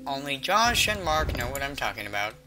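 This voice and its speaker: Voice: mid-range voice, sing-song, fairly quick. A gamer giving let's-play commentary, talking to themself in a profane, sarcastic way. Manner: profane, sarcastic self-talk. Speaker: gamer playing a video game. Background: game music.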